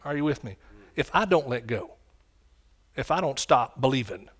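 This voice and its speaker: A man preaching a sermon, swinging from quiet, low lines to loud, shouted ones. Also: animated, normal speed. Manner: impassioned, rising to shouts and dropping low.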